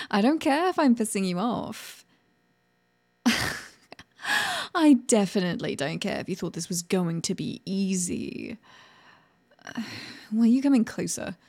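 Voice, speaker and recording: A woman voicing a sharp-tongued young woman in an adult audio role-play, sarcastic at first, later stammering and pleading. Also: medium pitch, expressive, slow, long pauses. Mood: mocking, defiant.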